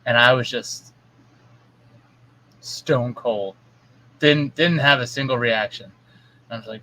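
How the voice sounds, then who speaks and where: Casting: bright-voiced, blunt man, casual podcast co-host who swears freely. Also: mid-range voice, slow pace, long pauses, rough recording. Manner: blunt, swears, acts out his stepdaughter in quotes. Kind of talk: casual chat.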